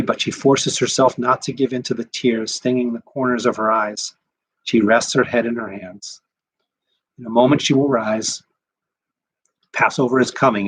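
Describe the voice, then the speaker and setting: A rabbi reading a short story aloud in a measured, expressive way. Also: male voice, mid-range voice, husky, low-quality recording. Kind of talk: scripted narration of a short story.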